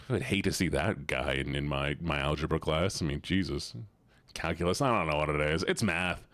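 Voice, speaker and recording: A man streaming live, reacting to viewer submissions with exasperated, theatrical rants that jump into high squeals. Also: fairly quick, fairly bright tone, no echo.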